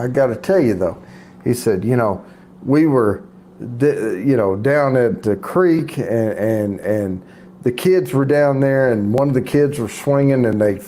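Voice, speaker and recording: A man's voice: mid-range voice, darkish tone, a little hiss or hum. Rambling man telling a long joke. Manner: rambling, with many restarts and asides.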